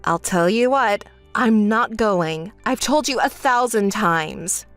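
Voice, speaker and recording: A woman voicing a calm, level-headed young woman who answers her sister flatly and sarcastically, in a texting-story voice-over. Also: mid-range voice, slow pace, smooth, dry recording, soft background music. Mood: dry. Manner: flat, dry, sarcastic.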